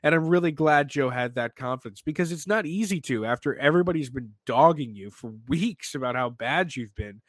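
Man, sports podcast host, excitable casual talk, fairly high voice, dry close sound. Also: fairly quick, few pauses, no room sound. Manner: animated, excitable, frequent restarts.

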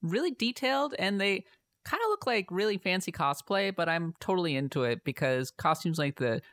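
A woman co-hosting a podcast in casual chat, making measured, thoughtful comments. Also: on the low side, lively intonation, a bit bright, no room sound, studio quality. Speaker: podcast co-host.

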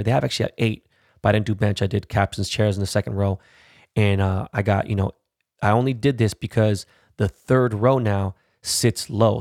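A man in his thirties with a lowish, gravelly voice holds forth in a casual, rambling rant. He is brash and swears freely. The sound is dry and close, with no room echo. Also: darkish tone. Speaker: car vlogger. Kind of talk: casual profane vlog rant.

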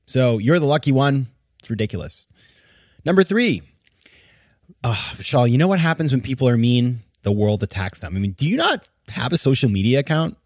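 A man's voice: mid-range voice, lively intonation, brisk, dry recording, studio quality. A man hosting a podcast, giving an indignant, emphatic opinion monologue with bursts of incredulous laughter. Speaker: podcast host.

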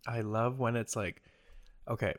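A man's voice: medium pitch, fairly even intonation, measured pace. A man co-hosting a podcast in casual, joking chat, swearing freely and riffing on ideas. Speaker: podcast co-host.

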